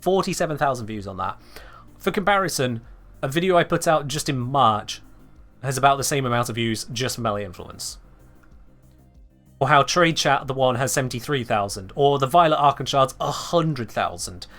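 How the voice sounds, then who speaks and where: A man's voice: mid-range voice, expressive, normal speed, fairly bright tone, soft background music. A man from England with an English accent, chatting casually and wryly to his live-stream chat. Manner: chatty, wry, talking to chat. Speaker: game streamer.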